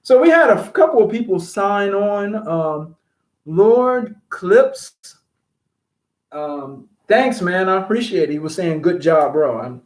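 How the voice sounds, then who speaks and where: A man hosting a casual live-streamed cocktail hour, chatting in a relaxed way full of ums. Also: high voice, takes it slowly, echoey room, low-quality recording. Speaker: livestream host. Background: music.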